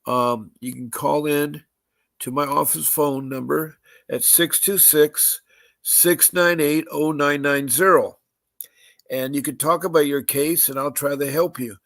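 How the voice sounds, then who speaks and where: A man hosting a live-streamed podcast and reading out housekeeping notes in a halting way, with many fillers, restarting and repeating details slowly. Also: on the high side, fairly even intonation, creaky, a bit bright, no room sound. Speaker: podcast host.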